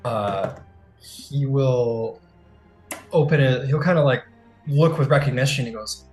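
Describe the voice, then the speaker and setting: A man's voice: mid-range voice, measured pace, a little mellow, roomy sound, soft background music. A man narrating as game master in a casual, hesitant way, full of fillers and restarts. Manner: loose, hesitant, many fillers.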